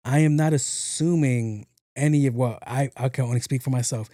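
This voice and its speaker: A podcast host riffs through casual commentary full of swearing, jokes and repeated words. His mid-range voice is mellow and warm, a little fast with hardly any pauses. The sound is dry and close, with no echo.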